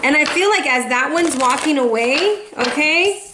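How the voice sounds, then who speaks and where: A woman's voice: high-pitched, expressive, moderate pace, background noise. A woman giving a casual, playful tarot reading to camera, a little out of breath. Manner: chatty, playful, sassy asides. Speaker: tarot reader.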